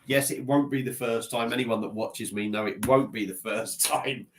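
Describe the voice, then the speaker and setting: A beer vlogger live-streams casually from his desk at home, talking into a laptop mic with a slightly stuffy nose. He rambles, mocks himself and chats while reading out comments, his voice at medium pitch with fairly even intonation and normal speed.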